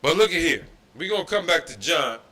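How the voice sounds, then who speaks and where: Forceful, emphatic man lecturing. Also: on the high side, sing-song, fairly quick. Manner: emphatic, repetitive, with mocking asides. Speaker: religious history class instructor. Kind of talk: preaching-style scripture lecture. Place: Detroit.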